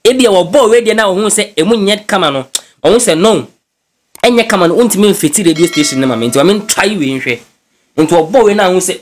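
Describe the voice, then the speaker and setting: A man from Ghana, a news blogger, giving casual gossip commentary in an animated way and slipping English phrases into his talk. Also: high voice, fairly quick.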